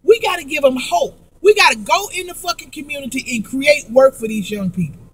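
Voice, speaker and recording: A woman's voice: high-pitched, lively intonation, brisk, fairly bright tone, far from the mic. A woman vlogger in a profane, angry monologue, repeating herself and stumbling through restarts. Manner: profane, emphatic, repetitive, with heavy stammered restarts.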